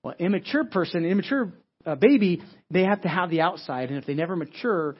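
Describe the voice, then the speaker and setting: A man's voice: sits high, expressive, a little fast, slightly rough. A man preaching a sermon as pastor, in a conversational way, often restarting phrases and asking "right?". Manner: conversational, repeats words and restarts, frequent "right?". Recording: dull lo-fi audio.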